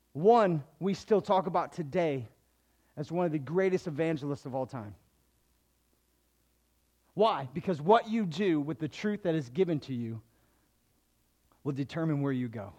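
Male pastor, high-pitched, animated sermon delivery with dramatic voice swings. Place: church hall before a congregation.

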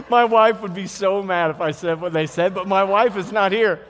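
A man preaching a sermon as pastor, animated and joking as he tells stories and acts out voices. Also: high voice, background noise. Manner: animated, jokey storyteller who acts out voices. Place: church. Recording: reverberant church hall.

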